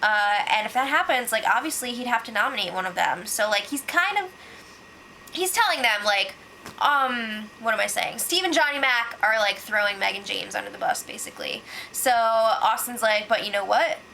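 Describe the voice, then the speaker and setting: Female vlogger, casual recap read, slightly high, bright tone, chatty filler-heavy delivery. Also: moderate pace, gravelly, a little hiss or hum, rough recording. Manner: chatty, fills with "like", acts out quotes. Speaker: reality show recap vlogger.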